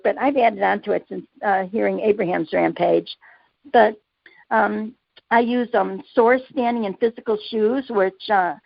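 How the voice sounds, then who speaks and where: An earnest woman, a guest author, answers interview questions in a mid-pitched voice and slips into little personal stories. The sound is dry and somewhat muffled, with a lo-fi edge. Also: dry recording. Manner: earnest, laughs easily, tells personal anecdotes.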